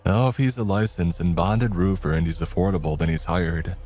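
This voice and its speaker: A man's voice: low voice, steady tone, fairly quick, a little mellow, natural voice. Man voicing a dry, wry young man.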